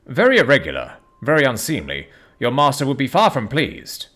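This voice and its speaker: A man's voice: mid-range voice, wildly swooping pitch, a little slow, creaky, fairly bright tone, exaggerated voice. A man voicing a stern, peevish middle-aged male lawyer who talks in a clipped way.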